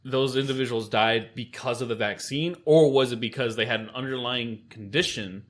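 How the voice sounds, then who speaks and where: A man hosting a casual podcast, talking in animated bursts with plenty of fillers, restarts and swearing. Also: medium pitch, normal speed. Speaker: podcast host and game master.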